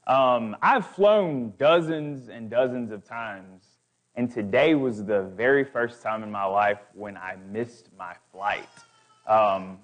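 A man's voice: medium pitch, a bit bright. A man preaching as a guest speaker, building emphatic, repetitive lists. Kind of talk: sermon.

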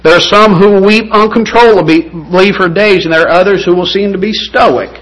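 A man's voice: high-pitched, moderate pace, a bit bright, poor audio. A man preaching a sermon, earnest and rising to fervent emphasis.

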